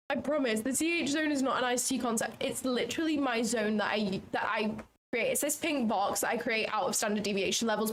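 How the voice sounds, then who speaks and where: A young woman with a slightly raised pitch talks in a chatty, frank and self-mocking way. She sounds like a casual livestream host explaining her own trading setups. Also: a little hiss or hum, poor audio. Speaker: day trader streaming live.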